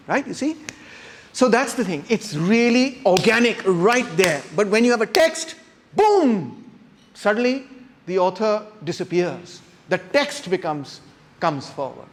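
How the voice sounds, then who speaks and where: Without any microphone, an animated man lectures a class, his unamplified voice sitting fairly high for a man and moving a little slowly. He addresses the room directly and acts out examples with strong emphasis, over a slight hiss or hum.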